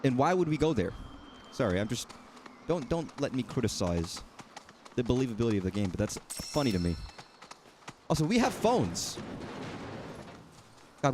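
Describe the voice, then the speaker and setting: A man's voice: mid-range voice, sing-song, moderate pace, long pauses, a little mellow, slight background noise. A man casually commenting while playing a game, talking in a rambling, self-correcting, wry way. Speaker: streamer.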